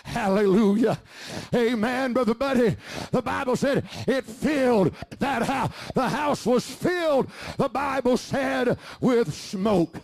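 A middle-aged man preaching a fervent sermon, often rising to shouts. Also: very high-pitched, lively intonation, slow pace, gravelly, hardly any pauses, breathy edge. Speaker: pastor.

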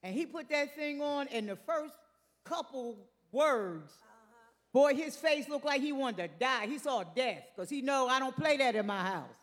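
Slow-preaching older woman in reverberant hall. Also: high-pitched, animated. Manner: emphatic, repeats phrases, addresses congregation directly. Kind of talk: sermon.

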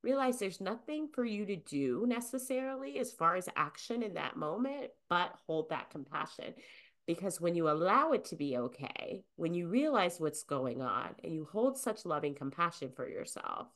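A woman in her thirties hosting a self-help podcast, talking in a gentle, nurturing way. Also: on the low side, very animated. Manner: gentle and nurturing, with unhurried soft emphasis. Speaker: podcast host.

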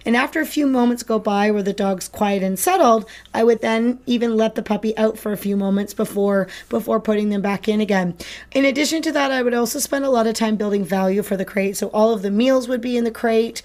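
A woman's voice: on the high side, a little fast, darkish tone. A woman co-hosting a live podcast, explaining training in an upbeat, practical way. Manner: explanatory, upbeat, acts out dog and owner voices. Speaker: dog trainer and co-host.

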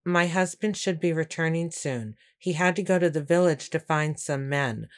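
Brief: a rattled mother in a storybook, read by a woman, quiet and subdued. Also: sits low, normal speed, lightly acted. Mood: shaken. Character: flustered, rattled village mother.

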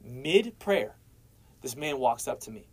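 Young guy telling his life story, super casual, keeps saying man and bro, average pitch. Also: animated, slow, slightly rough, low-quality recording. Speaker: guest sharing his testimony. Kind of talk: casual personal testimony.

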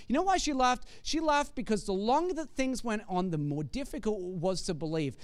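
A man's voice: high voice, expressive, brisk, smooth, dry recording. A man preaching a sermon with conversational, jokey storytelling.

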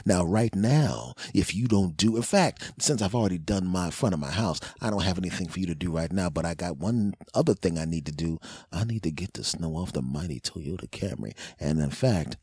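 Man in his forties, podcast host, comedic rant, brash, profane, mock-threatening, low husky voice. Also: darkish tone, dry recording, studio quality. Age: 40s.

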